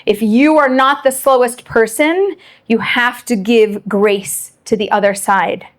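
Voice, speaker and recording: A woman giving a lively Torah lecture, acting out bits of quoted dialogue as she explains. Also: on the high side, a little slow. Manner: animated, acts out quoted dialogue.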